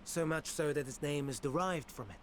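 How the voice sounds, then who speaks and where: An actor playing a scholarly male sage in a fantasy game, explaining in formal, archaic, measured speech. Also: a little high, slight background noise, natural voice. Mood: calm lecturing. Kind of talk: game cutscene voice acting.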